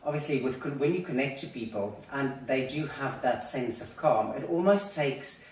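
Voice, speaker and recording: A man's voice: mid-range voice, lively intonation, moderate pace. A man, a hairdresser hosting a salon chat, talking casually and leaning on "you know" as he thinks aloud. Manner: conversational, many "you know" fillers. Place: hair salon. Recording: echoey room from far off.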